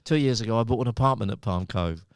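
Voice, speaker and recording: A man's voice: on the low side, fast, smooth, no room sound, clean studio sound. A man in his sixties from the United Kingdom, a podcast guest telling long, rambling anecdotes with frequent chuckles. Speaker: podcast guest, company founder. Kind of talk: casual storytelling.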